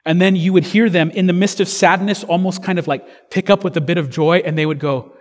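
A man's voice: high-pitched, fairly even intonation, a little fast, few pauses, big-room sound. A man preaching a sermon as pastor, earnest and conversational, with fillers and restarts.

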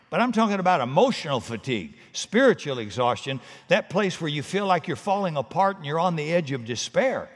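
Animated pastor preaching in a reverberant hall. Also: male voice, on the high side. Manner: animated preaching with sudden drops to quiet asides. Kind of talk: sermon. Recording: long reverb of a large hall.

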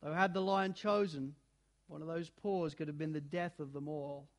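A man reading a children's storybook aloud in an expressive, dramatic way, shifting between loud and hushed passages. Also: fairly high pitch, normal speed. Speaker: narrator.

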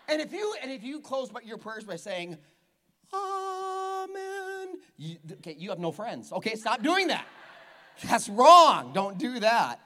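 A pastor in a church, preaching with a playful, teasing edge. His voice sits high for a man and jumps all over the place as he jokes with the congregation. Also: fairly bright tone. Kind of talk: sermon. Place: church hall with a live congregation.

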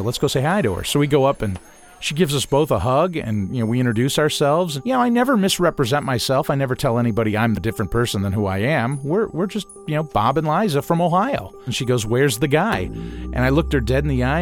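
A man in the middle of a personal anecdote, talking at an easy mid pitch. He tells it casually and animatedly, and slips into quick voices for the people he quotes. Faint music plays under him. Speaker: storyteller.

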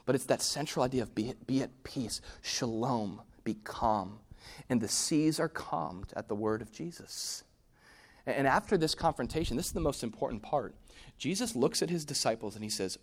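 A man preaching a sermon, swinging from loud, emphatic peaks to hushed, near-whispered lines. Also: mid-range voice, lively intonation, a little fast. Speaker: pastor.

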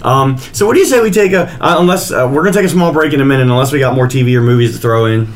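A man's voice: medium pitch, racing, slight background noise. A man hosting a wrestling podcast, chatting casually in a rambling, good-natured, self-deprecating way. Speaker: podcast host.

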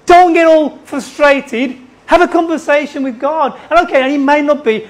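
A preacher giving a sermon in an animated way, putting many questions to the listeners and often repeating and restarting phrases. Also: sits high, moderate pace, few pauses, slight background noise, poor audio.

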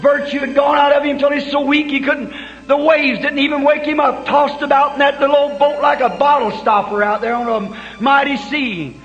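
Old sermon tape, man preaching hard, really high voice, long hall echo, muffled sound. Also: fairly even intonation, moderate pace. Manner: fervent, builds to shouting climaxes. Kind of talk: revival sermon.

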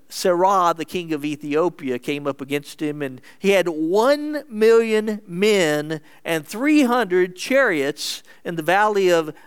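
Man, pastor, sermon, smooth resonant voice, earnest, swings between emphatic and hushed. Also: high voice.

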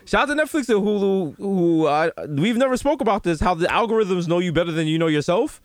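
Young guy cohosting a podcast, goofy riffs, pitch all over the place, dry close mic. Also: dry recording. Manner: animated, acts out voices in quick riffs. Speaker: podcast co-host. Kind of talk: casual comedic banter.

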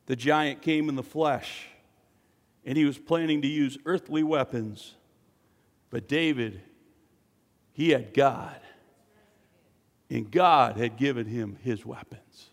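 A man preaching a sermon, building to loud, fervent peaks and joking between points. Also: mid-range voice, takes it slowly, pauses often, long reverb tail. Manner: preaching with dramatic swells, jokes and acted quotes.

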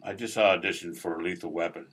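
A man's voice: sits low, steady tone, a little fast, fairly bright tone, breathy edge. A man, an actor, telling a rambling, profane story in casual conversation.

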